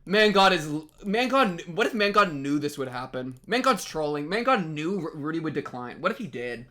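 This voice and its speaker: A man's voice: fairly high pitch, very animated, moderate pace, pushed and bright. Exasperated young man ranting with sudden jumps. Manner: rambling, many restarts and "like"s. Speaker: anime reaction channel host. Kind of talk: animated reaction commentary.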